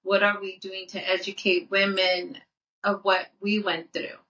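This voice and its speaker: A woman's voice: medium pitch, flat delivery, measured pace, pushed and bright, far from the mic. A woman co-hosting a podcast in casual chat. She talks earnestly, restarts often and repeats her words. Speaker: podcast co-host. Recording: muffled audio, off-mic.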